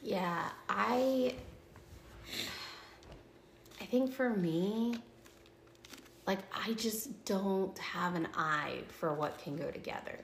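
Speaking extremely slowly, this female podcast host has a creaky, mid-range voice and pauses often. The room echoes, and there's slight background noise as she chats through her stories, filling them with "like."

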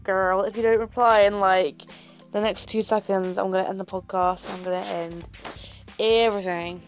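A woman's voice: medium pitch, fairly even intonation, normal speed. A young woman hosting a casual podcast chat, sassy and theatrical, swearing a lot as she talks to her viewers. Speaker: podcast host. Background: faint music.

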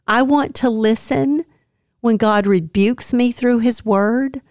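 A woman hosting a devotional podcast, reflecting earnestly and tenderly on scripture, with soft laughs now and then. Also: on the high side, slow pace, dry recording, studio quality. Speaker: podcast host.

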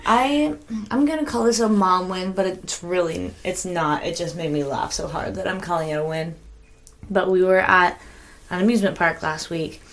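A woman's voice: fairly low pitch, normal speed. A young woman, a mom, telling stories casually on a podcast, easygoing and laughing along. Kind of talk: casual chat, storytelling.

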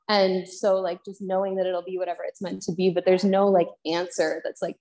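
A woman's voice: mid-range voice, a little fast. A young woman from Canada, a podcast guest, telling her story candidly and heartfelt, acting out what she and others said. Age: young adult. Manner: heartfelt, quotes herself and others in lively re-enactments.

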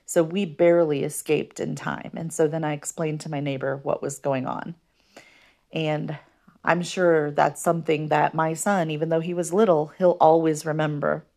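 Brief: low-pitched woman from the Midwest, podcast host recounting personal history, halting with frequent ums. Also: flat delivery, creaky. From American Midwest. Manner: hesitant, many ums, soft-spoken. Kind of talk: personal storytelling.

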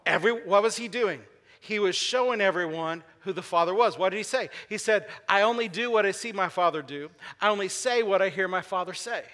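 A man preaches to his congregation in a high, bright voice, often asking questions and waiting for answers. He drives points home by repeating short phrases several times. His voice rings with the long reverb of a large church hall. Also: a little fast. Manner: repeats key phrases for emphasis. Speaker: pastor. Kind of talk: sermon. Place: church sanctuary.

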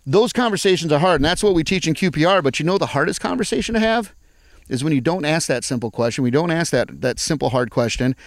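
Man, guest storyteller, quick and high-ish, dry close sound. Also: dry recording. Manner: energetic, repeats phrases while telling stories. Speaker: guest speaker on farm mental health. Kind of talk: animated storytelling in conversation.

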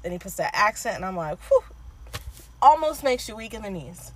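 A woman's voice: mid-range voice, sing-song, quick pace, slight background noise, poor audio. A woman co-hosting a podcast, gushing in casual chat and filling her talk with "like" and "um.". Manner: gushing, filler-heavy with lots of "like". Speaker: podcast co-host.

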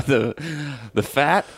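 A man's voice: mid-range voice, a bit bright, slightly rough. A man co-hosting a comedy podcast in casual, joking banter, laughing often and swearing. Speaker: podcast co-host.

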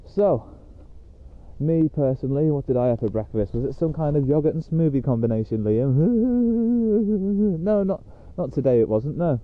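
Recorded with a thin, phone-like quality, a man rambles chattily through his solo podcast while taking his dog for a walk outside, using many fillers. He speaks briskly at a medium pitch with lively intonation.

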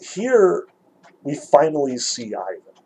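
Husky-voiced man giving a literature lecture. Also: on the high side, huge pitch swings, takes it slowly, darkish tone, rough recording. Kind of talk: lecture with dramatic read-aloud passages.

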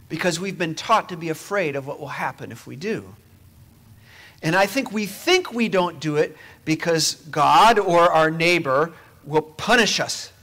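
A man preaching a sermon in a conversational way, dropping to near-whispers at times. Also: mid-range voice. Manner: conversational, moving between quiet near-whispers and emphatic rises.

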